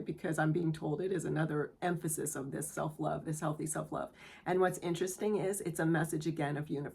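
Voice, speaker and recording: A tarot reader hosting her own channel speaks in a low, slightly rough voice as she gives viewers a spiritual reading to camera. The woman's manner is gentle, earnest and affirming, and emotion brings her near tears.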